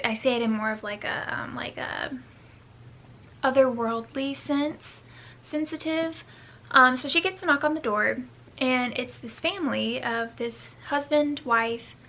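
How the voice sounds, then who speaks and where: Young woman book vlogger, bright and slightly high, rambling casual chat. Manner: rambling, scattered, self-mocking asides. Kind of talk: casual reading vlog chat.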